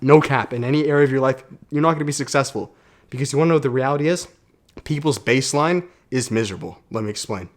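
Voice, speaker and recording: A young man, a self-development vlogger, talking casually to camera in a quiet condo room, telling a story with energy and slang. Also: mid-range voice, fast talker.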